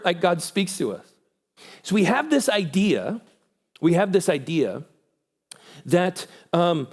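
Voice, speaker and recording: A man giving a church conference talk, animated, acting out quoted voices with big pitch jumps. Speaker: conference speaker.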